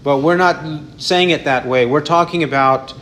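A man teaching a Bible study, explaining in a measured way with frequent restarts and self-corrections. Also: on the high side, fairly bright tone.

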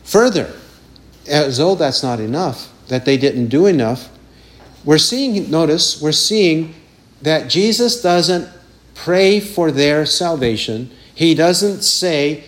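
A man's voice: on the high side, expressive, slow pace. A man preaching a sermon with emphasis, repeating phrases and mimicking taunting voices.

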